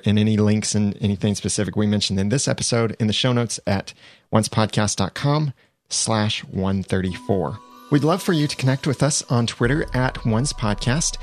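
A man's voice: mid-range voice, no echo, studio quality. A man hosting a podcast, chatting casually about a TV episode and reading out show announcements. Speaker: podcast host.

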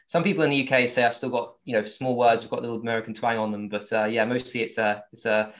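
Guy w a southern english accent, founder talking about his product, lots of ums and restarts, middle pitch. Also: steady tone, fast, a bit bright. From born in Virginia, raised with English accent. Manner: hesitant, many fillers and restarts. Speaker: company founder, guest. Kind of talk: casual interview answers.

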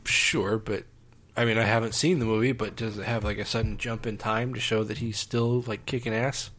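A man's voice: on the low side, steady tone, normal speed, fairly bright tone. A man co-hosting a casual movie podcast, talking in a laid-back way with lots of fillers. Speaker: podcast co-host.

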